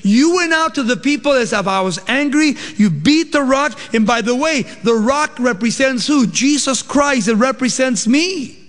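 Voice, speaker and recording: A man's voice: very high voice, lively intonation, normal speed, few pauses, fairly bright tone, in a large hall, voice pushed up. A man voicing God as a patient male deity who questions and corrects, with conversational, pointed rhetorical questions. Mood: patient rebuke.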